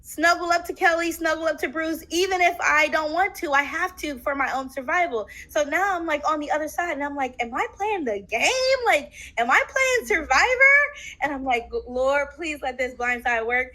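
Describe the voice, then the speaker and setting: High, bright-voiced woman telling a story. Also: brisk, hardly any pauses, rough recording. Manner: animated, acts out quotes, many fillers. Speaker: interview guest. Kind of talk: casual storytelling.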